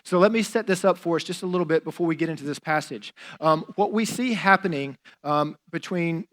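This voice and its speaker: A man's voice: a little high, a little fast, a bit bright. A man preaching a sermon as a pastor, in a conversational style with fillers and casual asides.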